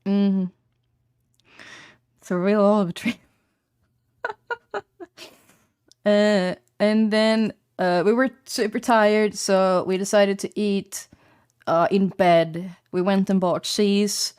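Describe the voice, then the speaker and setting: A woman's voice: medium pitch, a little mellow. A young woman streamer chatting casually, rambling in a laid-back way, swearing and laughing often. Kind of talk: casual chat.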